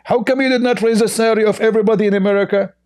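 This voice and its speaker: Man, sarcastic reaction commentator, mocking, scornful, broken grammar, slightly high voice, mellow dark tone. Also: fairly even intonation, racing.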